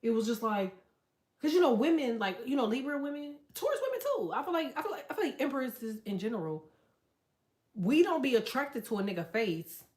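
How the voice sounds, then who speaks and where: A woman hosting a casual livestream, telling stories in a loud, profane, animated way and reading out chat comments. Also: on the high side, brisk, echoey room. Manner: profane, animated storytelling with quoted voices.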